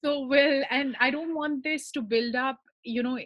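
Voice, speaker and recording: A woman's voice: sits high, steady tone, measured pace, fairly bright tone, no echo. A woman hosting an interview, asking casual questions and chatting with the guest. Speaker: interview host.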